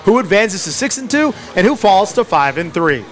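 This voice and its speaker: A man calling a high school football game play by play, building to shouts on big plays. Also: very animated, moderate pace, soft background music. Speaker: play-by-play announcer. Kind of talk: live sports play-by-play commentary.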